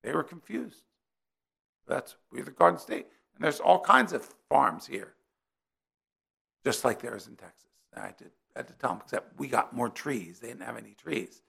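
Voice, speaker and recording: A man's voice: mid-range voice, very animated, moderate pace, creaky, pushed and bright, husky. A middle-aged man from New Jersey preaching a sermon in a conversational way, weaving in personal stories.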